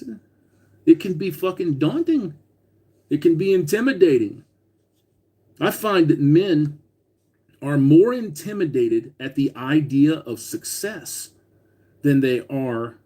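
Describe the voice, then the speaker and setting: A man's voice: a little high, slow, long pauses, mellow, slightly rough. A man hosting a casual livestream, talking bluntly with lots of swearing and reading out viewer comments as he goes. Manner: profane, blunt, reads viewer comments aloud. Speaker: livestream host.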